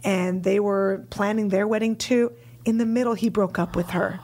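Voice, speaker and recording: A woman's voice: medium pitch, moderate pace. A woman in her thirties, a stand-up comedian, telling stories casually on a podcast and acting out the quotes. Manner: animated, acts out quotes in raised voices.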